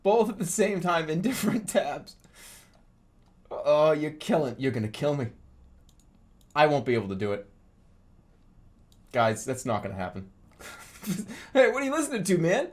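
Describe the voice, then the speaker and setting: A man chatting casually on a livestream, joking and swearing freely, often bursting into loud laughter. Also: a little high, big pitch swings, normal speed, pauses often.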